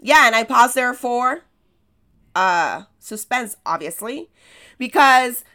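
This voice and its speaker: A woman with an American accent and Spanish as her first language hosts a podcast in an unhurried, bright voice that sits a little high. She tells stories and tosses out rhetorical questions, laughing at herself along the way. It is a casual motivational monologue. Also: lively intonation. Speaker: podcast host.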